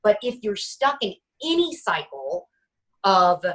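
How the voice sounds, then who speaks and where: A woman in her forties, a guest author telling her personal story in an interview, halting and restarting often, acting out what others said. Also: medium pitch, rough recording. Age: 40s. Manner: halting, many restarts, lively quoting of others.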